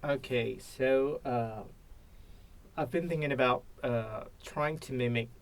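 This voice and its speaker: Indonesian man, English learner, slow and halting, plenty of restarts. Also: medium pitch. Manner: hesitant, repeats and restarts while searching for words. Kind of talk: practice conversation.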